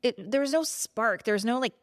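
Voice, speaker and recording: A woman's voice: on the high side, lively intonation, a little fast, no echo, studio quality. A woman co-hosting a podcast, frankly giving her movie opinions in casual chat, with lots of filler words. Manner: chatty, frank, many "like" fillers. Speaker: podcast co-host.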